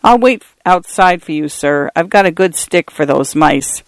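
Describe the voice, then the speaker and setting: A man's voice: on the high side, animated, normal speed, dry recording. A man reading the part of an eager, polite young farm boy in an audiobook. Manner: polite, eager, says sir.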